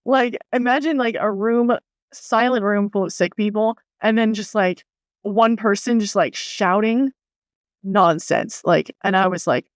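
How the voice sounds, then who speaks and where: A young woman telling a personal story to her vlog audience in a casual, animated way, swearing freely and acting out what others said. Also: mid-range voice, unhurried, no room sound, clean studio sound. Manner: animated, swears freely, acts out quoted voices. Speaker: vlogger.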